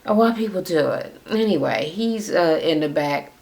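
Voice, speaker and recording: Gravelly-voiced woman doing a blunt recap. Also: deep voice, expressive, moderate pace, a little mellow. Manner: blunt and sarcastic, with frequent swearing; talks to camera at home. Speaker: reality TV recap vlogger. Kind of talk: casual, profane recap chatter.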